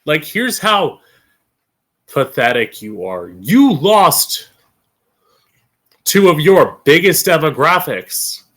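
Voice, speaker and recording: A man hosts his own live-streamed opinion show, tearing into his targets with blunt, profane sarcasm. His voice sits on the higher side for a man and leaps up and down in pitch. He stretches out words for scornful emphasis. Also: sing-song, fairly bright tone. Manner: emphatic, drawn-out stress on key words. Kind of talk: ranting political commentary.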